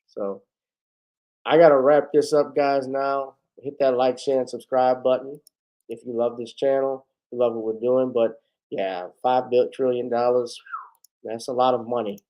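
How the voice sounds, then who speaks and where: A man's voice: mid-range voice, flat delivery, unhurried, muffled recording. A man hosting a casual solo talk show, chatting in a rambling way with many asides while losing his voice. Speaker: host.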